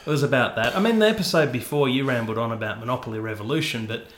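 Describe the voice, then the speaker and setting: A man's voice: mid-range voice, very fast, reverberant, a loud crowd. A man hosting a casual podcast, chatty and self-mocking, with a lot of fillers. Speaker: podcast host.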